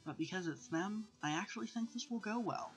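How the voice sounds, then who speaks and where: A man's voice: sits high, fairly quick, faint music behind, pitched above the performer's own voice, natural voice. A man voicing a laid-back young team leader. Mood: upbeat.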